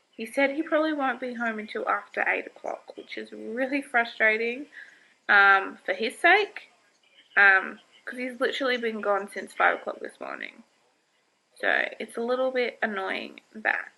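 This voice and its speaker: A young woman, a new mother, chatting casually to camera at home, talking slowly with a gravelly edge. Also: fairly high pitch, sharp tone, low-quality recording. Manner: chatty, talks to her baby in a sing-song voice. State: tearful. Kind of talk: casual vlog chat.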